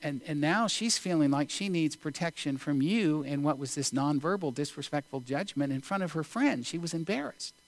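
A male preacher giving a sermon, telling a story in an unhurried, deliberate way with pauses. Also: a little high, expressive, no room sound.

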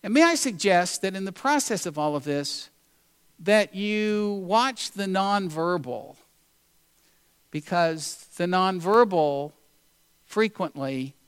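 A male preacher giving a sermon, telling a story in an unhurried, deliberate way with pauses. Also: a little high, dry recording.

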